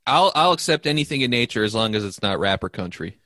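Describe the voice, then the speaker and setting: A man's voice: on the low side, animated, quick pace, bright, forceful tone, no echo, studio quality. A man chatting casually and riffing jokes with friends, swearing freely. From Boston. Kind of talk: casual comedic chat.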